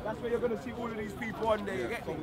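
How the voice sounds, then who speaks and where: A hoarse man hosts a street gathering, rallying people in quick slang. His voice sits very high for a man. A loud crowd presses all around. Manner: energetic, slangy. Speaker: event host. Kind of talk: hyping up a crowd.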